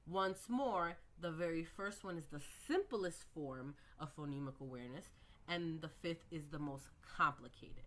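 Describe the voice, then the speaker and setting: A woman teaching early reading skills, slowly modelling words and sounds with patient explanations. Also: low-pitched, a bit bright. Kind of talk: instructional lecture.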